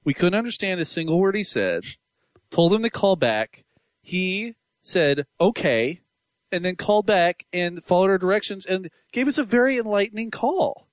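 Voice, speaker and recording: A male radio co-host who talks in a lively, swooping way, his pitch slightly high for a man. He banters loosely, laughs easily and gives strong opinions, heard in a dry studio sound. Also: moderate pace, dry recording. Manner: animated, laughs often, opinionated.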